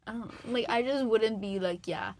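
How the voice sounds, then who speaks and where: A woman's voice: fairly high pitch, moderate pace, a little mellow. A young woman from Massachusetts co-hosting a podcast in a small studio, chatting and laughing as she explains a case. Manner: chatty, laughing, acts out quoted voices. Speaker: podcast co-host. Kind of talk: casual chat.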